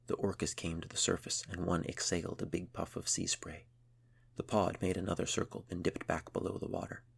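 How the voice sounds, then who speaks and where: A man narrating a children's adventure story in a measured storytelling manner. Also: low voice, little pitch movement, vocal fry, husky. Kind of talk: scripted narration.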